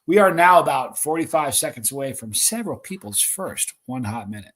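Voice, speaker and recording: A man hosting a live stream, reading viewer comments aloud and calling out excited countdowns. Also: on the high side, a little fast.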